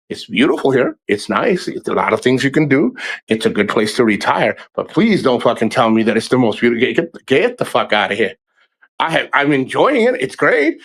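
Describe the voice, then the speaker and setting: A man's voice: mid-range voice, fairly quick. A man ranting on a casual livestream, blunt and heavy on swearing, rambling as he tells stories and acts out what people said. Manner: animated storyteller who acts out quotes.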